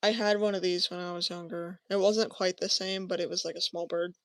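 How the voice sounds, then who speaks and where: A woman's voice: on the low side, little pitch movement, brisk, a bit bright, no echo. A young woman chatting casually to viewers while crafting, often trailing off into a mumble. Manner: chatty, self-talking, often drops to a mumble. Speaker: crafting vlogger.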